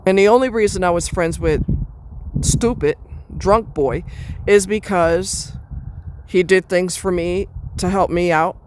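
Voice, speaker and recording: A woman's voice: on the low side, unhurried, a little mellow, slight background noise. A woman venting in a casual monologue, blunt and profane, rambling with restarts as she rants. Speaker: vlogger.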